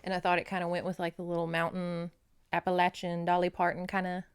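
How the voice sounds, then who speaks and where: A woman with a Louisiana Southern accent, hosting her book review channel in a rambling, excitable, chatty monologue, often laughing and talking straight to viewers. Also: on the low side, fast, clean tone, no echo, studio quality. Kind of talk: casual chatty monologue to camera.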